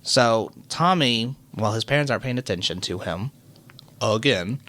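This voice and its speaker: Man, podcast co-host, casual chat, lively pitch, acts out characters, swears freely. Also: moderate pace, slight background noise. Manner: animated, acts out characters' lines in high voices, swears freely. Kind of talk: casual chat recapping cartoons over drinks.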